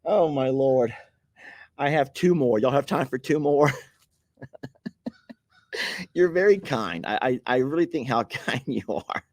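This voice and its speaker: A man's voice: mid-range voice, lively intonation, measured pace, long pauses, no room sound. A man, chuckling and grateful as he hosts a casual chat, reading viewer mail aloud. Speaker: channel host opening viewer mail.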